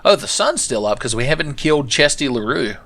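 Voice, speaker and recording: A man's voice: mid-range voice, sing-song, fairly quick, gravelly, fairly bright tone. A man commentating his own gameplay with sarcastic, profane, rambling asides. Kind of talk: let's play commentary.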